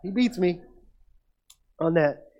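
A man's voice: sits high, lively intonation, slow, mellow. A middle-aged man preaching a sermon from the pulpit, telling stories about himself with humor and building to emphatic peaks. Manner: storytelling, self-mocking, builds to emphatic peaks. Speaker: pastor. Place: church. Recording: muffled lo-fi sound.

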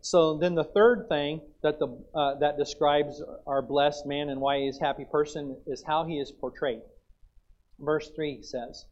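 A man's voice: a little high, steady tone, a little slow, a little mellow, highs cut off. A man preaching a sermon in a folksy, storytelling way, with plain asides and Bible quotes. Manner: folksy, acts out chewing sounds.

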